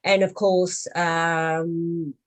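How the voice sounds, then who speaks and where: A woman's voice: fairly low pitch, little pitch movement, very slow, poor audio. A woman presenting a webinar who answers questions hesitantly, with frequent ums and restarts, and tells an anecdote.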